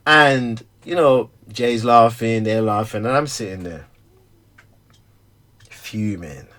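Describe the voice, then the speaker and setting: A middle-aged man, a stay-at-home father who also preaches, talking candidly in an animated, storytelling way with frequent laughter. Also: on the low side, slow. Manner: animated storyteller, acts out quotes, laughs often. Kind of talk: candid conversation.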